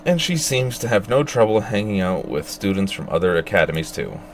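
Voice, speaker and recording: A man's voice: on the low side, expressive, a little fast, slight background noise. A man reading the lines of a chatty schoolgirl fondly recalling a classmate, close to his own voice. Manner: chatty, fond reminiscing.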